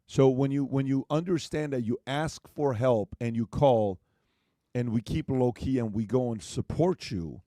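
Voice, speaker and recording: A man's voice: medium pitch, unhurried, mellow, dry recording, clean studio sound. A man hosting a podcast panel, firing repeated emphatic questions in a heated discussion. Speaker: podcast host.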